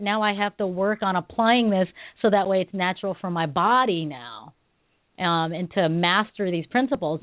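On a talk radio show, a woman martial arts instructor chats casually, her ordinary mid-range voice coming through a dry, tinny phone line. She tells stories animatedly, laughing often and using many filler words.

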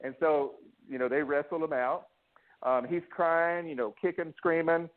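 A man's voice: a little high, steady tone, moderate pace, narrow, tinny audio. A man being interviewed, telling his own story with lots of restarts and acted-out quotes. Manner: emotional, restless, many restarts and acted-out quotes. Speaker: interview guest. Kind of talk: candid personal storytelling.

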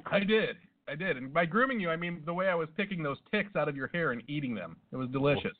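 Male co-host, deadpan absurd riffer, somewhat high voice, phone-quality sound. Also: fast. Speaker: podcast co-host. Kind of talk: casual comedic banter.

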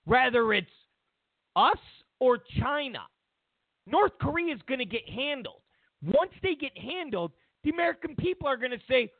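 A man's voice: extremely high pitch, sing-song, normal speed, no echo. A man hosting a political commentary show, talking emphatically and mockingly, often repeating himself. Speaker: host. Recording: dry, tinny phone-like sound.

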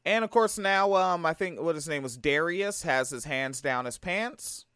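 A man's voice: fairly high pitch, animated, unhurried, sharp tone, clean tone, dry recording, clean studio sound. A man from Tacoma giving blunt, heated, sarcastic reaction commentary on a sketch. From Tacoma, Washington.

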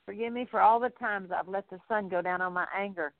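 Female minister, earnest repentance prayer in litany form; mid pitch, dry phone-line sound. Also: fairly quick, no room sound. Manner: earnest, repetitive litany-like pleading.

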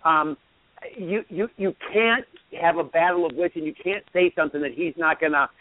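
A man's voice: on the high side, normal speed, no room sound. A man hosting a casual call-in show, rambling with lots of restarts and repeats. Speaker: host. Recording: tinny phone line.

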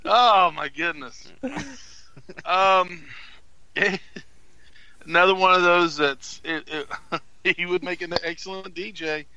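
Bright-voiced man, dry close mic. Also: high-pitched, fairly even intonation, takes it slowly, long pauses, smooth, dry recording, highs cut off. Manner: laughs a lot, hesitant restarts. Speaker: podcast co-host. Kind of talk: casual podcast chat.

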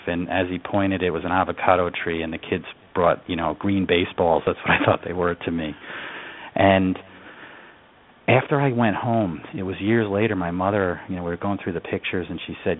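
Over phone-line audio, a man from upstate New York, appearing as a guest on a radio interview, tells a story in an earnest, reflective way. His voice is low and his pace moderate.

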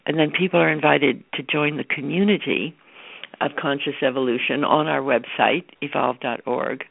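A woman's voice: sits low, gravelly, no echo. A woman guest talking fervently about a spiritual movement, often laughing, over a phone call. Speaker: guest speaker. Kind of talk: enthusiastic spiritual talk.

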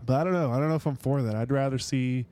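Mellow guy on a sports podcast, rambly, swears a lot, mid pitch. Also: fast talker. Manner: ranting, swearing, lots of restarts. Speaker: podcast host. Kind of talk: casual sports chat.

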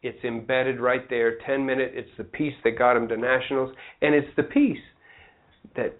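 A man co-hosting a radio show, reading local news items at a brisk clip and teasing his partner. His pitch sits in the middle range for a man. The audio is narrow and tinny, like a phone line. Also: steady tone. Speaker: radio co-host. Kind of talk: casual radio chat.

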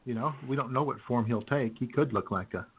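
A man's voice: mid-range voice, a little fast, slightly rough. Man telling a story, phone-thin sound. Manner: laughing through his anecdote, with restarts. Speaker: show host. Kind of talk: casual chat, storytelling. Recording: phone-quality audio.

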